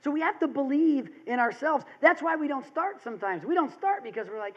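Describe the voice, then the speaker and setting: A man speaking at a real estate seminar, telling stories and acting out quotes in an animated way. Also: very high voice, fairly quick, lo-fi sound. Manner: animated storytelling, acts out quotes. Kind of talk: motivational seminar talk.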